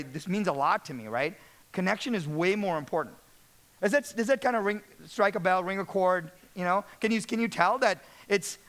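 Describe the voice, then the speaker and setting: A man's voice: sits high, fairly bright tone. A man giving a motivational stage talk to sales managers, speaking emphatically and often asking the audience questions.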